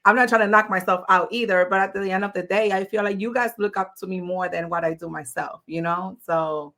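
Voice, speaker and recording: A woman's voice: mid-range voice, fairly even intonation, a little fast, a bit bright. A woman guest speaking in a casual, chatty way on a podcast interview, with many "you know"s and "like"s. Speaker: guest entrepreneur.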